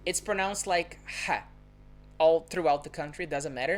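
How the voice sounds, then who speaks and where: A woman's voice: low-pitched, soft background music. A Brazilian woman with a Brazilian accent, a native Portuguese speaker teaching pronunciation on a live stream and repeating each word twice. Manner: models words slowly, repeating each twice. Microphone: phone or computer mic on a live stream.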